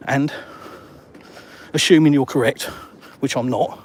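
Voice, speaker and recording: This is a middle-aged man with an English accent, talking casually at a mid pitch as he strolls outdoors by the sea. His manner is blunt and sarcastic, reading out comments and snapping back at them. A faint outdoor ambience sits under the voice. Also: a little slow, slight background noise. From England. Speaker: vlogger answering live chat. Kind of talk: casual walk-and-talk live stream. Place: outdoors on a seafront.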